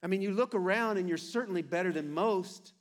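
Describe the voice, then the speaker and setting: A pastor preaching a sermon to his church with earnest, animated delivery and playful asides. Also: sits high, a little fast. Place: church sanctuary.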